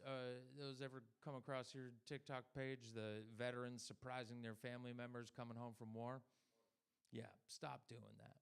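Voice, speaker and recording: A young man working the crowd in a stand-up set, his voice smooth and resonant with a gravelly edge. He keeps a deadpan delivery and quizzes the audience between bits. His pitch sits in the middle of the range. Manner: deadpan, crowd-addressing, mock voices for quotes. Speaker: stand-up comedian.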